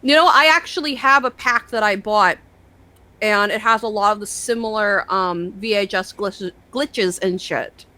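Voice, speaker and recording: A woman's voice: mid-range voice, normal speed, bright, forceful tone. A woman co-hosting a casual reaction chat, swearing and tripping over her words while reading text aloud. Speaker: co-host reacting to videos.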